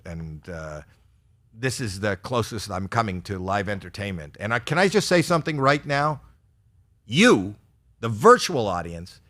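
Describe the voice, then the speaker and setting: A man in his sixties doing a stand-up set for an audience he cannot see. He spins long, self-mocking stories and keeps tripping into quick restarts before landing the punchline. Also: on the low side, fairly bright tone. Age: 60s. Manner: rambling, self-deprecating storytelling with frequent stammered restarts. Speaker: stand-up comedian. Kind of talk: stand-up routine for a virtual audience.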